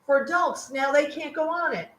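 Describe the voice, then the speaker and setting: An older woman talking in a quick, matter-of-fact, quiet way in a casual chat, in an echoey room with faint noise. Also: high-pitched. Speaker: wife, helper.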